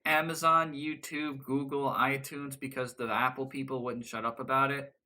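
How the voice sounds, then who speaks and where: A man co-hosting a podcast, talking casually and ranting in an animated way. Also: mid-range voice, moderate pace. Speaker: podcast co-host. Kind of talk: casual chat.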